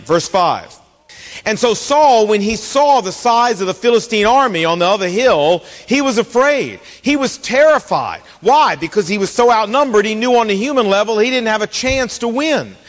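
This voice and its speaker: A man preaching a sermon, retelling a Bible story with expressive delivery and acted-out quotes. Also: high-pitched, moderate pace, big-room sound. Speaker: pastor.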